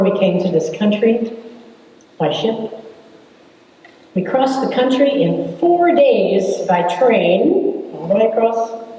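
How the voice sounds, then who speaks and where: A woman in her seventies telling her family's story to an audience, wry and unhurried, with dramatic pauses. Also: fairly high pitch, mellow. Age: 70s. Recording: echoey hall from far off.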